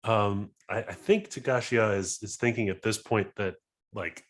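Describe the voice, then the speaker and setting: A man's voice: on the low side, unhurried. A man playing a tabletop game, describing his character's actions in a rambling, casual way. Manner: rambling, filler-heavy. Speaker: player.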